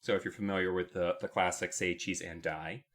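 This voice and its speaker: A man's voice: sits low, steady tone, a little fast, a bit bright. A man co-hosting a podcast, chatting casually and telling rambling stories full of fillers. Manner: rambling storyteller with many fillers. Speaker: podcast co-host. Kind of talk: casual chat.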